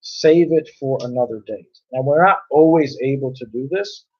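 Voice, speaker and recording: A man's voice: medium pitch, moderate pace. A man teaching a conversational Torah class, explaining with everyday examples and often repeating and restarting his phrases. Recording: dull lo-fi recording.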